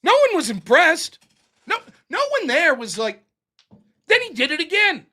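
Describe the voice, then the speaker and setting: A male livestream host in casual commentary, swinging his pitch widely as he rants. His voice is bright and sharp, full of profanity and laughter. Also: a little slow. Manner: animated profane ranting, laughs often.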